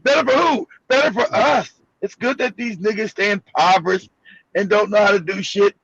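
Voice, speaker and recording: A man with a very high, gravelly and husky voice rants through heated commentary, blunt and profane, often repeating himself. The sound is dry and dull, with a lo-fi quality. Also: moderate pace, fairly bright tone. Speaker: host. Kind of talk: heated commentary on news clips.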